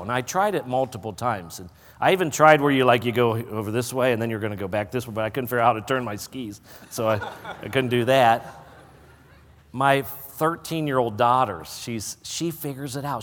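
A man's voice: medium pitch, lively intonation, moderate pace. Preaching man in a reverberant church. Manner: folksy storytelling that builds to loud preaching. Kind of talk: sermon with personal story. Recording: hall reverb.

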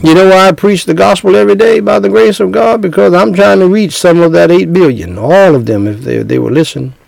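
Man preacher, evangelistic sermon, slightly high voice, dry close sound. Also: fairly quick, creaky, a little mellow, no room sound, rough recording. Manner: earnest, direct address to listener; leads a prayer phrase by phrase.

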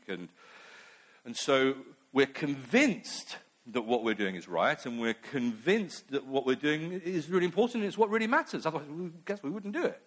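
A man's voice: mid-range voice, expressive, moderate pace, a bit bright. A man preaching a sermon in a conversational way, with many asides.

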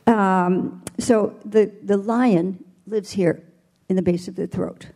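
An older woman with a mellow, relaxed voice speaks as a voice teacher. She explains her coaching thoughtfully and demonstrates with playful vocal imagery. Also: medium pitch, takes it slowly. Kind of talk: panel interview answer.

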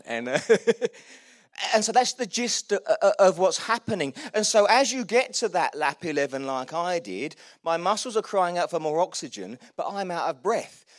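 A middle-aged man gives a sermon in a chatty, joking tone and pokes fun at himself. His voice sits a little high for a man. The recording is close and dry. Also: very animated, moderate pace, no room sound. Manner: chatty and self-mocking, with frequent laughs and restarts. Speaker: pastor. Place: church hall.

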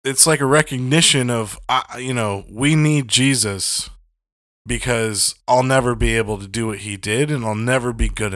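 A man's voice: mid-range voice, fairly bright tone, no room sound, studio quality. A man in a casual faith chat, talking bluntly and heatedly with lots of swearing and fillers. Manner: blunt, profane and heated, rambling with many fillers.

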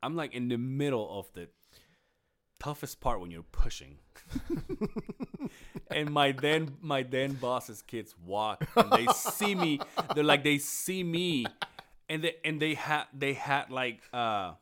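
A young man in casual podcast chat, telling a crude story with lots of swearing, laughing as he talks and shouting out the lines he quotes. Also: medium pitch, expressive, takes it slowly. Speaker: podcast co-host.

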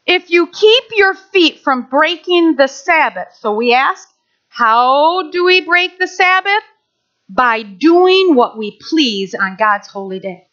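A middle-aged woman pastor delivers an animated sermon in a high, bright voice, full of rhetorical questions and chatty asides. The recording sounds dull and lo-fi. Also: slow pace.

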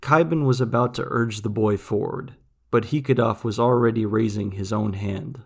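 Gravelly male storybook narrator. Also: on the low side, moderate pace.

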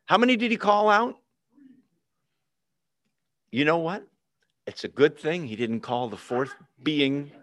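A man's voice: sits high, sing-song, normal speed, pauses often, a bit bright, no echo, clean studio sound. A man preaching a sermon in a conversational teaching way, often putting questions to the congregation. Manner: asks the congregation questions, call and response. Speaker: pastor.

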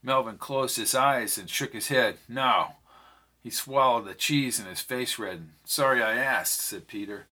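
Reading a novel at normal speed with hardly any pauses, a male audiobook narrator delivers all the characters' dialogue in his own voice. His tone is medium-pitched, bright and pushed.

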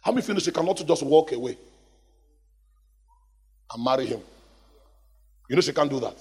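A man preaching a lively sermon in a church hall, calling out to the congregation for responses. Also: fairly high pitch, normal speed, breathy edge. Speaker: pastor. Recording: long hall reverb.

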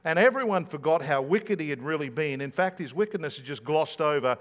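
A man's voice: a little high, brisk. A man, a pastor preaching a sermon in a conversational way, full of rhetorical questions.

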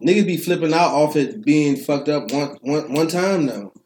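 A man's voice: fairly high pitch, normal speed, reverberant, slight background noise. Man chiming in with short agreements. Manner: relaxed, mostly short agreeing interjections, slangy. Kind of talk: casual chat.

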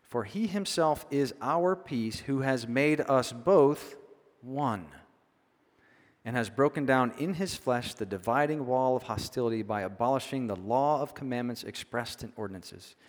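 A man's voice: mid-range voice, a little slow. A man preaching a sermon in a church, conversational and often checking in with his listeners. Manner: conversational, keeps asking "right?". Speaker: pastor. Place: church sanctuary. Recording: long hall reverb.

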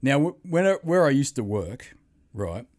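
A man hosting a podcast, telling a rambling, profane story in casual chat, a little hoarse. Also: medium pitch, big pitch swings, moderate pace, a little mellow, dry recording, studio quality. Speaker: podcast host.

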